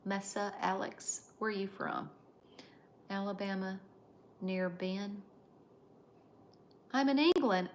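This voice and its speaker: An American woman hosting a casual live stream, chatting and reading out viewer comments in an unhurried way. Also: medium pitch, steady tone. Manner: unhurried, chatty, drawn-out phrasing. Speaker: livestream host.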